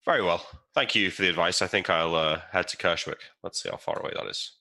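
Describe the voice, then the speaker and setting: A man's voice: low-pitched, fast talker, creaky, pushed and bright. A man who chats wryly as a player in a tabletop role-playing game. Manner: chatty, wry, swears. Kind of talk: casual tabletop play.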